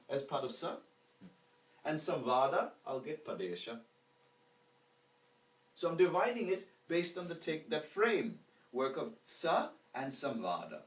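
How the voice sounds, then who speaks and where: Man, teacher, animated delivery, slow explanations, rhetorical questions, echoey room, far from the mic. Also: fairly high pitch. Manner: explains terms slowly, asks rhetorical questions. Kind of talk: spiritual lecture with call-and-response recitation.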